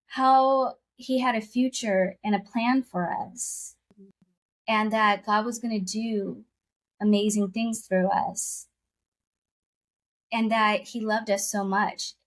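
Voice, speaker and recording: A woman guest telling a personal story in conversation, earnest and emotional, often repeating her phrases. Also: medium pitch.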